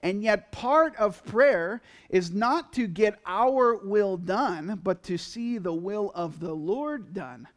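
A man with a fairly high voice preaches a sermon in an easy, talky way. He keeps it lively by acting out the listeners' reactions and quoted lines as he goes. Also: takes it slowly, hardly any pauses. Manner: conversational, animated, acts out quotes in asides. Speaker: pastor.

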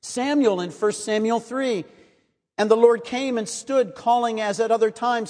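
A man preaching a sermon in a measured, earnest way, reading and explaining scripture. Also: very high voice, darkish tone. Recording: long hall reverb.

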